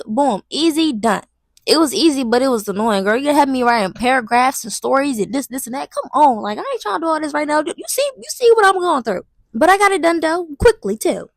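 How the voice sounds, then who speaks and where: A woman's voice: sits high, dry recording. A young woman telling a dramatic, slangy storytime vlog. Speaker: vlogger. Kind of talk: casual storytime monologue.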